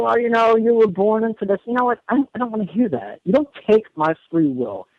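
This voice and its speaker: A man with a fairly high voice talks earnestly as a radio guest, rambling and tripping over his own restarts. The audio is muffled and lo-fi, and the sound is dry and close. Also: dry recording. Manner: earnest, rambling, many restarts and repeated words. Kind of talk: casual radio interview talk.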